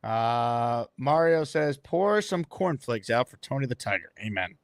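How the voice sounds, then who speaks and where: A man's voice: mid-range voice, expressive, unhurried, dry recording, studio quality. A man hosting a sports call-in show, taking calls with upbeat, dryly joking patter. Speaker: host.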